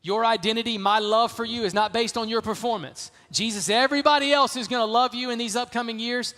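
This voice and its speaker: Pastor, middle-aged man, high voice, emphatic folksy sermon, long reverb. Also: steady tone, a little fast, pushed and bright. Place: church sanctuary. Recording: reverberant church hall.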